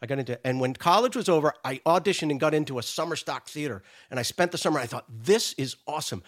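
An older man from New England tells his stories as a guest, swearing freely and laughing at himself. His voice sits a little high for a man and swings widely in pitch as he gets into it. He sounds like casual chat. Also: racing. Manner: animated, profane, self-mocking storyteller. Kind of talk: casual storytelling.

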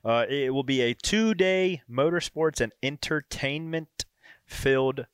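A man hosting a podcast, chatting loosely and excitedly about racing. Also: mid-range voice, slow, clean tone, no echo. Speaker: podcast host and race driver. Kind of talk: casual podcast banter.

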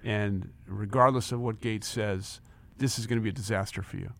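Man, 60s, interview guest, gravelly, animated storytelling, repeats words. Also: fairly low pitch, moderate pace. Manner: animated storyteller, acts out quoted dialogue, repeats words when excited. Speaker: interview guest, former company chief.

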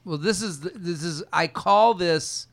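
A man's voice: high-pitched, a little slow, vocal fry, a bit bright. A male podcast host giving relationship advice in casual chat, acting out example lines as he goes. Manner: talks things through, acts out example lines.

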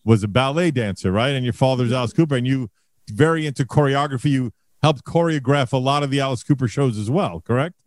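Guy host rambling through his questions, mid pitch, dry close sound. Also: fast, dry recording. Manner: conversational, long wandering questions with acted-out quotes. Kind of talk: casual interview questions.

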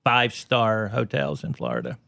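A man's voice: fairly low pitch, gravelly, no echo. Man explaining in eager restarts. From United States. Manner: animated, explains in quick restarts. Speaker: comedian guest. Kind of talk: casual podcast chat.

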